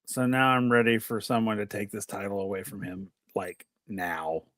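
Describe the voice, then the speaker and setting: A man's voice: on the low side, little pitch movement, normal speed, a bit bright, dry recording, studio quality. A man co-hosting a wrestling podcast in casual chat, exasperated and grumbling, laughing at himself. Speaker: podcast co-host.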